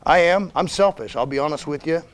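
Man, high voice, emphatic conversational church sermon from a visiting missionary preacher. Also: a little fast. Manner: emphatic, conversational, keeps urging "listen" and "come on now". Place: church sanctuary.

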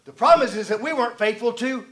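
A middle-aged man preaching a sermon, folksy and animated, swinging between loud and quiet. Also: very high-pitched, fast. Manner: folksy, animated preaching with rising and falling volume.

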